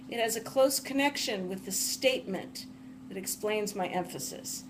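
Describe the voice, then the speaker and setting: A woman with a medium-pitched voice lectures carefully on a text, with slight background noise behind her. This literature teacher reads passages aloud and breaks sentences down word by word. She speaks deliberately, spelling out words one at a time as she writes.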